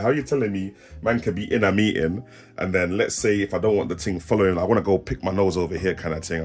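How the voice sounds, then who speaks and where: A young man with a South East London accent, demoing a webcam to camera in casual slang, laughing and joking as he goes. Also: sits low. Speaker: tech reviewer. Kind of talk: casual product demo to camera.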